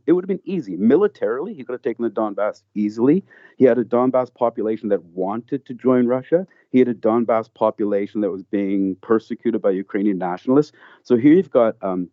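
A man's voice: medium pitch, no echo, narrow, tinny audio. A man in an earnest, emphatic conversational discussion, often restarting his sentences as he builds his point.

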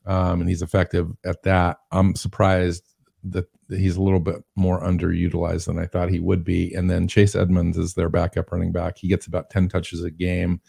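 A man's voice: deep voice, completely flat delivery, normal speed, vocal fry, dark tone, slightly rough. A man co-hosting a sports podcast, chatting casually about football and asking his partner questions. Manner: asks questions, cites stats.

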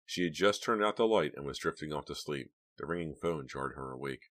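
A man with an extremely deep voice reads an audiobook with steady, measured pacing. The delivery is calm and even. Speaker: audiobook narrator. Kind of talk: scripted audiobook narration.

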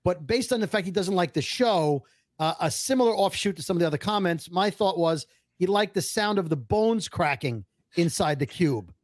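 A man on a casual chat panel, thinking out loud as he explains his pick. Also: sits high, lively intonation, moderate pace, no echo. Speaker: panel guest.

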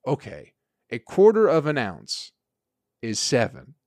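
A man's voice: mid-range voice, wildly swooping pitch, slow pace, a little mellow, dry recording, studio quality. A man hosting a casual solo podcast, rambling and swearing in an exasperated way. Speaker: podcast host.

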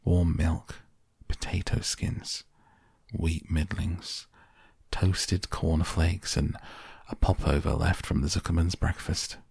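A man reading a children's book aloud in calm audiobook narration for sleep, slow, soft and even. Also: low-pitched, creaky, breathy edge, dry recording, clean studio sound. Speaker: podcast reader.

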